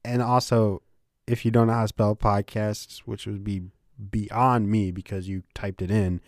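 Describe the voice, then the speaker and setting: Brief: young male podcast host, playful and teasing, slightly low voice, dry close sound from a blanket-muffled home setup. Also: flat delivery, measured pace, darkish tone, dry recording. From Ohio, United States. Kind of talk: casual podcast chat.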